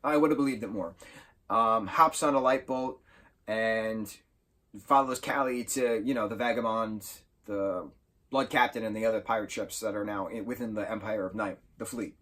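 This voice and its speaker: A man's voice: fairly low pitch, normal speed, a bit bright. A man giving a casual, enthusiastic spoken book review, rambling and correcting himself as he goes.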